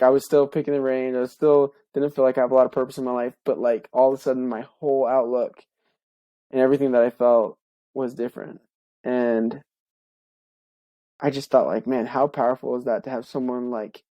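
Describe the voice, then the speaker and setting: Young male podcaster, mellow and dry-sounding, rambling earnest storyteller with lots of "like" and "um". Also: medium pitch, fairly even intonation, no echo, dull audio. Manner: halting, many fillers and restarts, heartfelt. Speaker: podcast co-host. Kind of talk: personal story, casual monologue.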